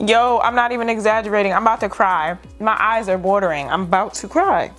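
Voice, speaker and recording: A woman's voice: medium pitch, a little fast, fairly bright tone, faint music behind. A young woman vlogging at home, nervous and exclaiming as she talks through the steps, often saying "y'all". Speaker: beauty vlogger. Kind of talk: casual vlog narration.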